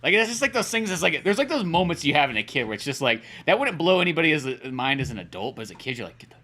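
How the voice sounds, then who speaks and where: A man co-hosting a casual podcast, talking in an animated way, swearing often and slipping into goofy voices. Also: on the high side, racing. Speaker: podcast co-host.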